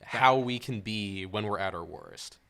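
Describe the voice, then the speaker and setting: A man's voice: fairly low pitch, unhurried, vocal fry, a bit bright. A man co-hosting a podcast, talking through a TV series in a casual, thoughtful way with many "like" fillers. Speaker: podcast co-host. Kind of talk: casual film discussion.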